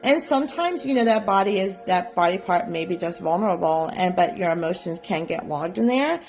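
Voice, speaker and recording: A woman teaching a live psychic development class, guiding listeners gently and often checking in with "right?". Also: fairly low pitch, expressive, a little fast, faint music behind. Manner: gentle, coaxing, repeats "right?". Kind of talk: guided live class instruction.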